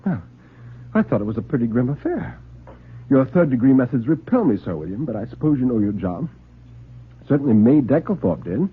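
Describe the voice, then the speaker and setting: A blunt, brusque dinner guest with a lively voice, played by a man. He is heard over a thin, phone-like old broadcast. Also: medium pitch, brisk, pauses often, husky. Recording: tinny old radio broadcast.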